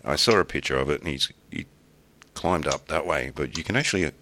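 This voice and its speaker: Australian man, podcast co-host, casual rambling chat, very deep voice, gravelly. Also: lively intonation, fairly quick, bright, forceful tone, a little hiss or hum.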